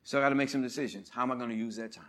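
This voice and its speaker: A male pastor preaching a sermon, moving between loud shouts and quiet asides, leading the congregation in call-and-response and telling stories with laughter. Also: mid-range voice, very fast. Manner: animated preaching, swings from loud shouts to murmurs.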